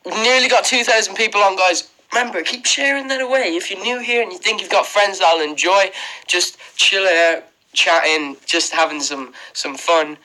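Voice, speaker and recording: Young irish guy on a phone live, bright fairly high voice, rambly, lots of ums, thanking everyone. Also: normal speed, rough recording. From Ireland. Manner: rambling, fillers, thanks viewers one by one. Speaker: livestream host. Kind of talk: casual livestream chat reading comments. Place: bedroom indoors. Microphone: phone held close.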